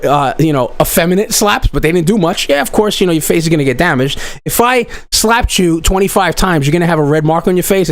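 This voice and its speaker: A man's voice: fairly high pitch, no echo. A man hosting a live online chat, giving blunt, profane, rambling commentary on a fight. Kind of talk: casual livestream commentary.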